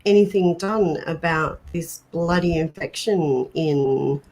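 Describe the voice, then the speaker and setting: A woman's voice: low voice, slow pace, darkish tone, husky. An Australian woman chatting casually on a livestream, laughing often and trailing off mid-thought. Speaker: livestream co-host. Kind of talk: casual chat. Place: home.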